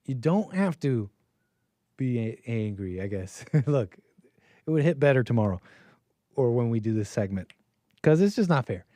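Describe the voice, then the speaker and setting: A man's voice: medium pitch, big pitch swings, moderate pace, long pauses, warm tone, dry recording. A man hosting a call-in livestream, chatting casually and rambling with laughs. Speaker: call-in show host.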